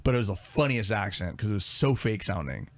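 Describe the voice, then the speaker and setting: A man's voice: lowish voice, sing-song, fairly quick, fairly bright tone. A man co-hosting a podcast, chatting casually and telling rambling stories. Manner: loose storytelling, mimics voices. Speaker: podcast co-host. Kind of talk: casual chat.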